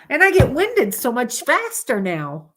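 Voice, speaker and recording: A woman hosting a live-stream podcast, talking in a candid, rambling way and swearing freely, with a stuffy cold. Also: high voice. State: congested with a constant cold. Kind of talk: casual live-stream chat.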